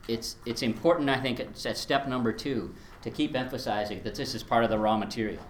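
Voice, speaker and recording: A man's voice: medium pitch, fairly quick, roomy sound, slight background noise. A man teaching a workshop on verse rhythm, chatty and explaining with spoken examples, often chuckling. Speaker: Latin teacher. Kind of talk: workshop presentation.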